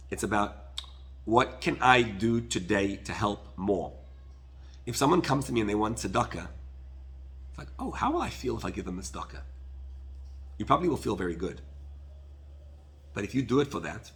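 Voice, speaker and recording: Gravelly-voiced rabbi preaching with fervor. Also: male voice, fairly low pitch, a bit bright. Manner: impassioned, with rhetorical questions and Hebrew terms. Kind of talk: sermon.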